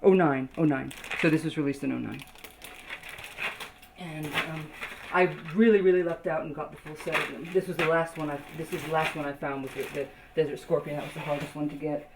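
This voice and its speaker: Low-voiced woman rambling over noisy video. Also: steady tone. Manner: halting, lots of ums and restarts, reading out labels. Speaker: toy collector. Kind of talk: casual show-and-tell narration.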